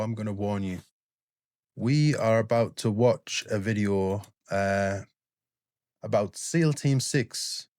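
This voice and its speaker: A British man talking straight to his viewers in a low, unhurried voice. He is gentle and sincere, circling back with fillers and restarts, and the sound is dry and close with no room around it. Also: no echo. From Britain. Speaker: reaction channel host. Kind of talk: casual talk to camera.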